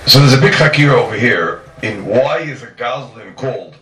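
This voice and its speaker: A man's voice: medium pitch, moderate pace, crowd noise. A man teaching a Talmud class, restating his points and posing rhetorical questions he then answers. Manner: repeats and restates points emphatically. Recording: echoey room, mic at a distance.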